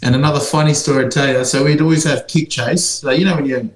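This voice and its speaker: A man's voice: on the high side, fairly even intonation, fast. Laid-back man telling stories, echoey room. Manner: laid-back, laughs through stories, many fillers. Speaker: podcast co-host, former pro rugby player. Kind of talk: casual storytelling chat. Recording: echoey room with faint background noise.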